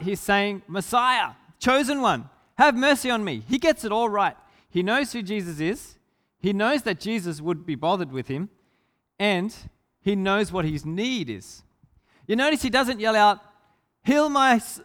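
A man's voice: high voice, fairly bright tone. A man preaching a sermon, telling a story with emphasis and asking the congregation rhetorical questions. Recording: long hall reverb.

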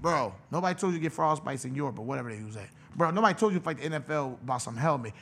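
Animated high-voiced man ranting comically. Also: very fast. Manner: animated, profane, mocking. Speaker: podcast host. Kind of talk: comedic rant.

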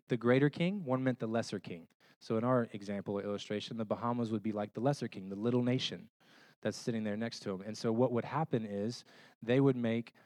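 A man giving a sermon as a pastor. He tells homey stories in an animated way and keeps checking in with rhetorical questions. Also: mid-range voice, no room sound. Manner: conversational, checks in with listeners through rhetorical questions; animated storytelling with homey illustrations.

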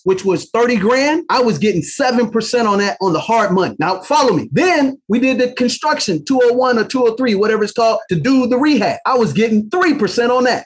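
A middle-aged man from the United States, a guest on an interview podcast, recounts his business story with animated energy. His voice sits fairly high and has a husky edge. He slips into the voices of the people in his story as he tells it. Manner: animated storyteller, acting out dialogue. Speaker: podcast guest, wealth coach.

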